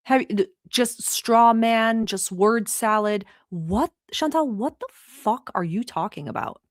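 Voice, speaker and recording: A woman's voice: fairly high pitch, slow, dry recording. Brief: woman from the Middle East, livestream commentator, sarcastic and profane, dry close sound. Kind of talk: heated reaction commentary.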